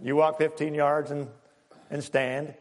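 Pastor guy preaching, lively chatty sermon, high-ish voice, echo from a big church. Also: measured pace. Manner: animated, conversational preaching with acted-out asides.

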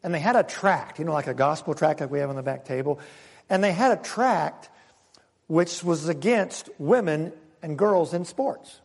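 A pastor delivers a sermon in a high, ringing, gravelly voice, hitting single words hard and pausing for effect. He swings from loud down to a near murmur, then builds back up, while a church hall's long echo trails each phrase.

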